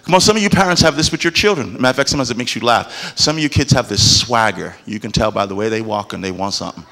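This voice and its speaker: A man preaching a sermon in church. His delivery is emphatic and often swells into shouted exclamations, and he acts out the voices of the people in his stories. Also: mid-range voice, very fast, vocal fry. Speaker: pastor.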